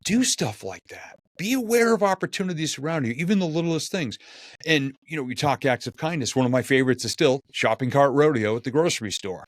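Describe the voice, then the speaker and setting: A man, a keynote speaker, telling lively stories in a podcast conversation and acting out the quotes. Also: medium pitch, fairly quick, no room sound, clean studio sound. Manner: animated, acts out quotes and jokes.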